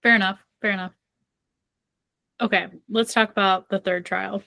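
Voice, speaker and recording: A woman's voice: medium pitch, fairly even intonation, moderate pace, gravelly, sharp tone, dry recording. A young woman co-hosting a book podcast, retelling her reactions emphatically in casual chat. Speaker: podcast co-host.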